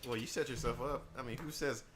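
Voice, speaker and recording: A man from Minnesota with a Minnesota accent, hosting a casual stream chat, animated and teasing. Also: medium pitch, fast talker, crowd noise. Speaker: streamer host.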